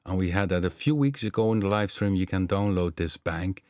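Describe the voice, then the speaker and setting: A man's voice: low voice, expressive, fairly quick, darkish tone, smooth, no echo, studio quality. A man from the southern Netherlands with a Dutch accent and Limburgish as his first language, hosting a live stream in a rambling, chatty way with many fillers. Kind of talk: casual live stream chat.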